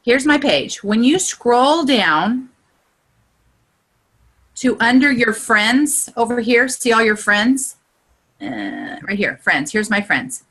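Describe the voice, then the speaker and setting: A woman with a high, bright voice that swings widely in pitch teaches a group over a video call. She talks in a chatty, exclamatory way, full of "look" and "you know", and her voice shoots up when she gets excited. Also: slow, breathy edge. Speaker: trainer leading an online group session. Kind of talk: casual instructional talk.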